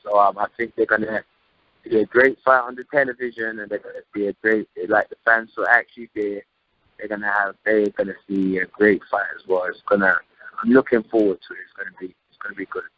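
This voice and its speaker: A man's voice: lowish voice, level tone, fairly quick, dry recording. A man, a professional boxer, answering interview questions hesitantly and repeating himself. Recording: dull lo-fi dry recording.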